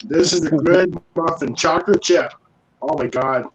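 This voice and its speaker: A man's voice: on the high side, moderate pace, husky. A man in casual chat, bantering playfully in a dry way. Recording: lo-fi audio with faint noise.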